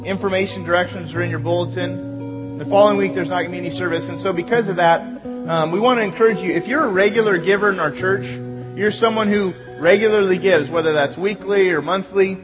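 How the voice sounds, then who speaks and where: The male pastor here has a high-sitting voice and speaks fairly quickly, sharing announcements in a relaxed way and occasionally correcting himself. It's recorded in a church sanctuary: echoey hall, dull sound, music behind.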